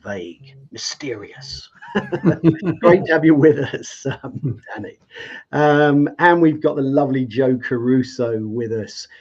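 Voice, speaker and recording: A man's voice: medium pitch, steady tone, slow pace, a little mellow. A man hosting a live debate show, upbeat and chatty, with plenty of fillers and restarts. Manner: enthusiastic, lots of fillers and restarts. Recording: slightly dull lo-fi audio.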